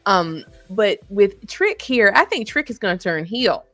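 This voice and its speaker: A woman's voice: mid-range voice, sing-song, measured pace, fairly bright tone, no echo, soft background music. A woman co-hosting a podcast, chatting casually and agreeably, easily amused. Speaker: podcast co-host. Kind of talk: casual wrestling predictions chat.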